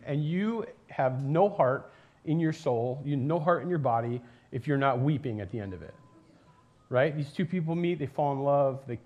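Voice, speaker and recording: A man preaching a sermon in a casual, animated storytelling way, with lots of fillers and asides. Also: fairly high pitch. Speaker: pastor. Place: church.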